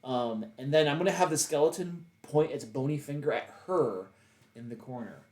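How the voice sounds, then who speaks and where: A man playing a tabletop game, animated and playful, with frequent fillers. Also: fairly high pitch, normal speed. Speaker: player. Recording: echoey room.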